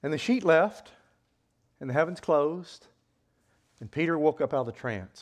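A man preaching a sermon in an animated way, acting out voices with sudden loud outbursts. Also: fairly high pitch, moderate pace, pauses often.

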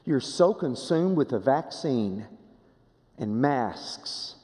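A man preaching a sermon as pastor, swinging dramatically from hushed low phrases to raised, emphatic ones and repeating rhetorical questions. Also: lively intonation, slow pace, long reverb tail.

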